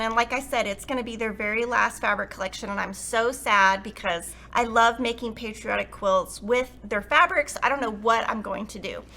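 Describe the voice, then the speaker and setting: Bright-voiced woman teaching quilting. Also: fairly high pitch. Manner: chatty, warm, enthusiastic explaining. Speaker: quilting tutorial host. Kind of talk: upbeat sewing tutorial.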